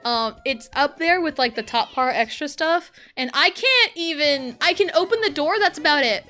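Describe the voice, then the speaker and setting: A woman's voice: high voice, lively intonation, moderate pace, bright, forceful tone, soft background music. A woman in her thirties streaming a game, chatting casually in a rambling, exasperated way with lots of fillers. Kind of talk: casual chat while gaming.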